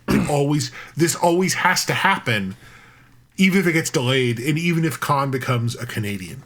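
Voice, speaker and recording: Animated, swearing podcast co-host man. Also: mid-range voice, moderate pace. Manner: animated, profane, rambling with restarts. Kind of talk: casual chat.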